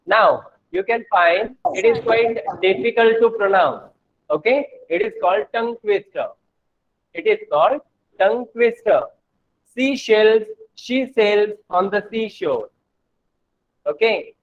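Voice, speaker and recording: A man's voice: high voice, animated. Indian man teaching kids over a tinny call. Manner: slow, repeats words for the class. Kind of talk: online English lesson for children. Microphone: video call. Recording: tinny phone-like online call audio.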